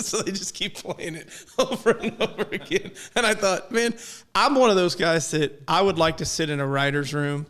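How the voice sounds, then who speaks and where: A man with a fairly high voice retells scenes in a loose podcast chat. He slips into little voices and keeps breaking into laughter, rambling along as he goes. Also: a little fast, a bit bright. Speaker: podcast co-host. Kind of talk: casual chat.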